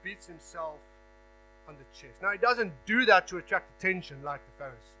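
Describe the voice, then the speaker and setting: High, bright-voiced man preaching a sermon. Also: lively intonation, a little fast, poor audio. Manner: emphatic, drops to a hush and rises for stress; repeats words as he builds a point. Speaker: guest preacher. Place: church hall. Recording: faint mains hum.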